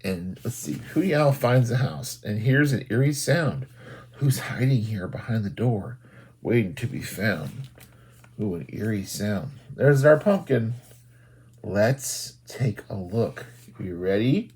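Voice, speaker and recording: A man, a children's librarian, doing an animated storytime read-aloud and talking to young children. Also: fairly low pitch, slow pace, slightly rough. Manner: animated, sing-song, talks to young children.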